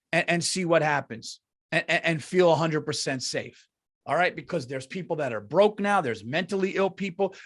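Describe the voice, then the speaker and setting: A middle-aged man rants on his comedy podcast. He sounds heated, swears freely and circles back over his points. His voice sits slightly higher than most men's. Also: a bit bright. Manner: heated, profane, repetitive ranting. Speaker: podcast host. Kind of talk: casual comedy podcast rant.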